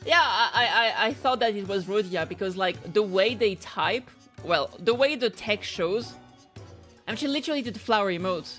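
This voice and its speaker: A young woman streaming a game, reading lines aloud and reacting with quick laughs and stammered restarts. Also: medium pitch, animated, fairly bright tone, soft background music. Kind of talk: casual let's-play commentary, reading lines aloud.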